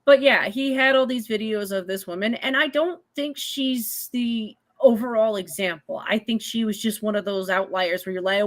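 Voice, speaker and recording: A woman's voice: medium pitch, moderate pace, hardly any pauses. Chatty woman from Canada. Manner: chatty, filler-heavy, snarky. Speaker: podcast co-host. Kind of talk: casual chat.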